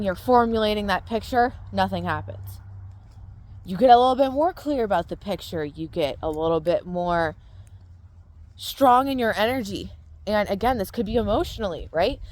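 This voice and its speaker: A mindset coach talks casually to camera, explaining things step by step to her viewers and often checking in with "right?" Her medium-pitched voice has lively intonation and a fairly quick pace.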